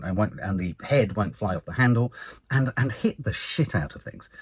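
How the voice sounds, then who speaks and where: A man with a husky, slightly rough voice reviews a TV episode in a loose, rambling way. His pitch swings widely as he gushes, swears freely and restarts his sentences. The recording is dry, with no room sound. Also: dry recording. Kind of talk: casual spoken review.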